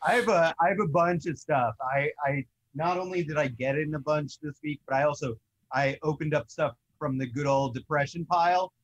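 A young man co-hosting a toy collecting show, chatting in an excitable, rambling way. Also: fairly high pitch, normal speed, lo-fi sound. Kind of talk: casual chat.

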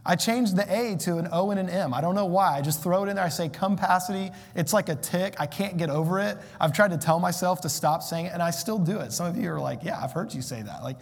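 A man preaching a sermon, conversational and self-deprecating, with animated asides. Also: high voice, quick pace, creaky, few pauses. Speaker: pastor. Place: church sanctuary. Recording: long hall reverb.

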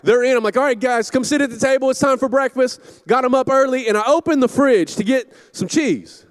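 A middle-aged man, a campus pastor, preaching a sermon in a church, telling stories with shouted asides. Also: very high voice, brisk, dry recording. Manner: animated storytelling with shouted asides. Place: church auditorium.

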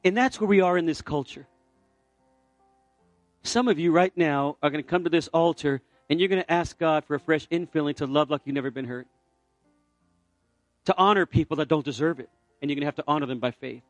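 A man's voice: a little high, brisk, pauses often, no room sound, faint music behind. A middle-aged man preaching, telling a personal story and then leading a fervent altar call. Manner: storytelling, building to fervent exhortation. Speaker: pastor. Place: church sanctuary.

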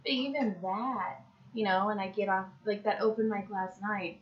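A woman comedian in casual chat, telling stories in an animated, profane way. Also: medium pitch, moderate pace. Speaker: comedian and podcast co-host. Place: Santa Clarita area. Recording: dull lo-fi recording.

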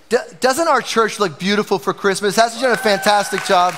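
A man's voice: high voice, a little fast, hardly any pauses, a bit bright, long reverb tail, some chatter behind. A man preaching a sermon as pastor, passionate and emphatic, in a church sanctuary.

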